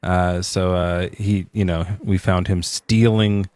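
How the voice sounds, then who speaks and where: A man's voice: low-pitched, little pitch movement, takes it slowly, a little mellow, clear, resonant tone, dry recording. A man hosting a casual call-in show, spinning a playful, rambling story. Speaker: host.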